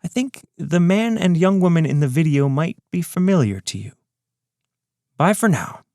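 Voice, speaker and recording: A man's voice: a little high, animated, moderate pace, a little mellow, no echo, voice pushed up. A smug schemer with a raised, lilting voice, as a male narrator puts him on, mocking and condescending. The recording is dry and close, for a serial audiobook. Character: smug scheming male villain taunting over video.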